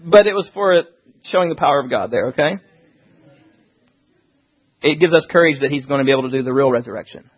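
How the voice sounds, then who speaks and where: A man preaching a sermon, reading scripture and talking fast with animated asides. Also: medium pitch, slightly rough, lo-fi sound.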